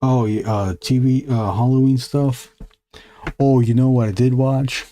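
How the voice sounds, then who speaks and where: A man's voice: medium pitch, steady tone, measured pace, mellow. A man hosting a drawing live stream, chatting casually in a rambling, joking way and swearing freely. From United States. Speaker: artist and live stream host.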